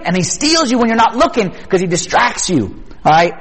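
A man giving an energetic youth sermon at a retreat, talking casually and often asking his listeners questions. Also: sits high, moderate pace, breathy edge, big-room sound, poor audio. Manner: energetic, conversational, asks the audience questions.

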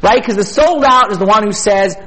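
A man giving an energetic youth sermon at a retreat, talking casually and often asking his listeners questions. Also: sits high, a little fast, long reverb tail, low-quality recording. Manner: energetic, conversational, asks the audience questions.

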